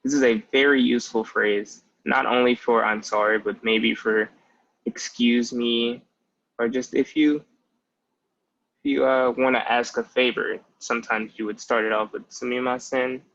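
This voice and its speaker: Through muffled, lo-fi audio, a young male language tutor in his twenties explains things step by step, unhurried and steady in tone. His medium-pitched voice sounds fairly bright, and he often begins with "so" or "basically" in this casual lesson.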